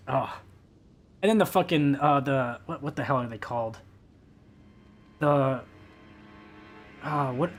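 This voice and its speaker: A man streaming a game live, chatting casually with viewers in a profane, animated rant. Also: medium pitch.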